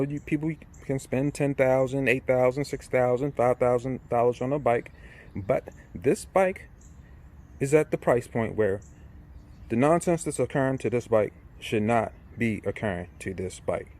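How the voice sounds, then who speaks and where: Man, middle-aged, irate, ranting vlog, repetitive, swears, mid-pitched voice. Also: expressive, moderate pace, a little mellow. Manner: irate, repetitive, swears and asks "right?" often. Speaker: vlogger. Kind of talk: casual ranting monologue.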